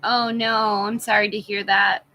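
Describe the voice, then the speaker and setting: A woman hosting a live tarot reading, listing card meanings in an unhurried way and greeting viewers in the chat. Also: mid-range voice, little pitch movement, pushed and bright, low-quality recording.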